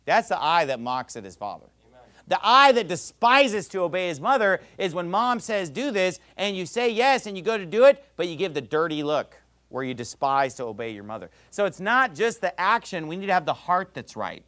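A middle-aged man delivers a sermon in a fairly high voice. He preaches with fervour and climbs in pitch and force when he presses a point home. Between those peaks he reads scripture aloud to his listeners. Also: big pitch swings, a little fast. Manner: forceful, rising emphasis, reading scripture aloud.

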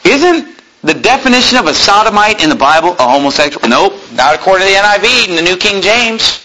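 A man's voice: high voice, big pitch swings, a little fast, sharp tone, slight background noise, rough recording. A pastor preaching a sermon from the pulpit in an emphatic style, firing rhetorical questions at his congregation. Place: church pulpit.

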